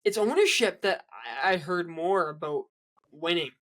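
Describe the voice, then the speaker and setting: A man's voice: high voice, moderate pace, fairly bright tone. A man co-hosting a casual sports podcast, rambling with many restarts and fillers. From Canada. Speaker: podcast co-host.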